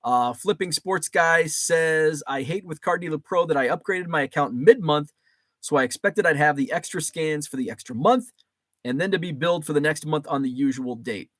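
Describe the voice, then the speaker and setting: A man's voice: a little high, normal speed, fairly bright tone, no echo. A man from Illinois hosting a casual livestream, reading viewer comments aloud and answering them in a chatty, rambling way. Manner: chatty, rambling, with frequent ums and restarts. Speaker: livestream host.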